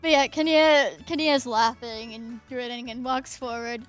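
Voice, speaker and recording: A woman's voice: on the high side, fairly even intonation, measured pace, faint music behind, low-quality recording. A woman playing in a tabletop game, chatting in a cheerful, easygoing way. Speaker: player. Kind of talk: casual tabletop role-play chat.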